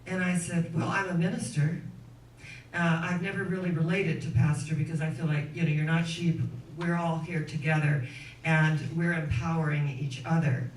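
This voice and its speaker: A woman's voice: sits low, little pitch movement, normal speed. A middle-aged woman minister giving a sermon, telling stories earnestly and building rhythmic spiritual lists. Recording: echoey room, distant mic, faint noise.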